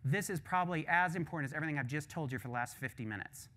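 Male visiting professor, slightly higher voice, frank storyteller with casual asides. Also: racing, fairly bright tone. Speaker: visiting professor giving a lecture. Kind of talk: lecture closing remarks.

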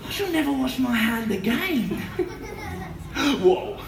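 A woman's voice: high voice, sing-song, extremely slow, creaky, distant mic, background noise, exaggerated voice. A woman playing a goofy, lovestruck young male servant in a live pantomime, clowning and over the top. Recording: echoey hall from afar, music. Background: music.

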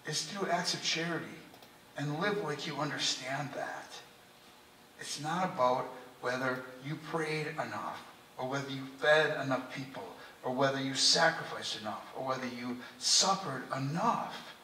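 Impassioned preacher, bright voice, echoing church. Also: male voice, fairly high pitch, distant mic, a little hiss or hum. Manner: impassioned, heartfelt, often drops to a hushed earnest tone. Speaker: priest. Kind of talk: sermon. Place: church sanctuary. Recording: echoey church recorded from afar.

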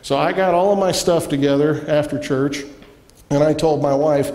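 A man preaching as a guest in a church, telling a personal story with animated delivery and acted-out voices. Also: on the high side, normal speed. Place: church sanctuary. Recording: echoey church hall.

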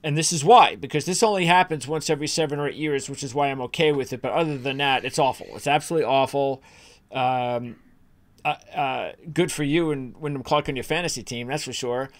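A man's voice: medium pitch, a little fast. A man co-hosting a golf betting podcast, opinionated and rambling, with frequent restarts and fillers. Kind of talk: casual sports chat.

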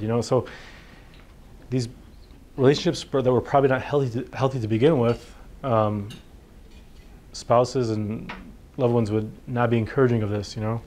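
A man's voice: mid-range voice, fairly even intonation, moderate pace, pauses often, darkish tone, slight background noise. A man, a physician, giving an informal workshop talk on addiction, conversational and full of fillers. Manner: conversational, full of fillers, acts out patients' words. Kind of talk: informal lecture.

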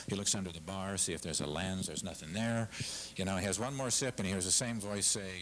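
A middle-aged man delivers a passionate speech to a civic audience, pressing his points with repetition and false starts. His voice sits low, and a faint hiss lies under the recording. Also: a little fast, hardly any pauses, fairly bright tone, low-quality recording. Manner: passionate, emphatic, repeats himself. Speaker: guest speaker. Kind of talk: public speech at a civic forum. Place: lecture hall with audience.

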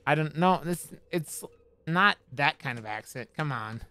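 A man's voice: a little high, animated, a little slow, sharp tone, smooth. A man streaming a horror game, joking with his chat and swearing as he plays. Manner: profane, joking, talks back to chat. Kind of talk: casual let's-play commentary.

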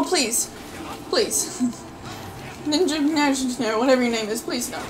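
A woman giving live gameplay commentary, excitable and loudly pleading and cheering at the game as she plays. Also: sits high, slow pace, pauses often, soft background music. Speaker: gaming video creator.

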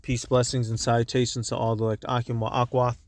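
A man's voice: medium pitch, little pitch movement. Blunt, profane man preaching from a car. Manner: blunt and profane, with street slang; halting, stumbles over words. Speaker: religious teacher. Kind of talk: informal preaching monologue.

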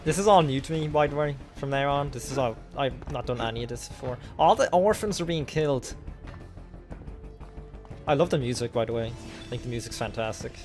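A young man giving excitable let's play commentary, swearing a lot at the game. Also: medium pitch, fast talker. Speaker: gaming video host. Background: game music.

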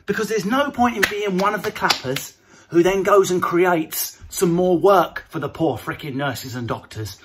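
A man doing a comedy rant to camera, animated and mocking, jumping into put-on voices. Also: high voice, moderate pace, background noise.

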